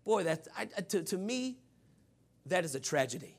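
A man preaching with a very high voice. He drops into quiet, low asides and then climbs back up into loud shouting at his peaks, the way a revival preacher works a congregation. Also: very animated, normal speed. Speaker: pastor. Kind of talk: sermon.

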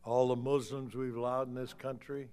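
An older man preaching a fiery sermon, swinging from low muttering to loud shouts. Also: flat delivery, normal speed. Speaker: pastor.

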